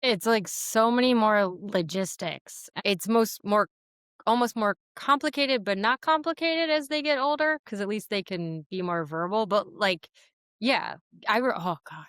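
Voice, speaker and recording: A woman in her thirties hosting a podcast, chatting casually, expressive and laughing as she acts out quotes. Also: mid-range voice, measured pace, smooth, dry recording, clean studio sound. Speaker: podcast host. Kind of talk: casual conversational interview.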